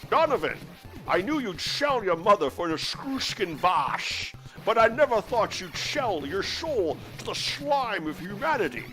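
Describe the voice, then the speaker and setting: A man's voice: sits high, very animated, a little slow, pushed and bright, faint music behind, full character voice, rough recording. A man putting on a drawling impression of an elderly professor father with a slurred, lispy S, rambling while playing a game. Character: gruff elderly Scottish professor father, lecturing. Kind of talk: comedic impression during a game stream.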